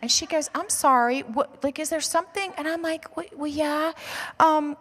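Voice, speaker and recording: A woman's voice: high-pitched, normal speed. An American woman pastor telling a story in a sermon, acting out the dialogue and saying "like" a lot. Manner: animated storyteller acting out dialogue, says "like" often. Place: church auditorium. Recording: long reverb of a church hall.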